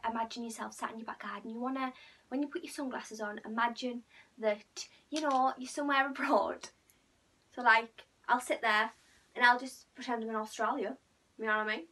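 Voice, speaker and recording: A young woman chatting casually to camera as a vlogger, playful and a little croaky, sometimes dropping to a near whisper. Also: high-pitched, pushed and bright. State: slightly croaky.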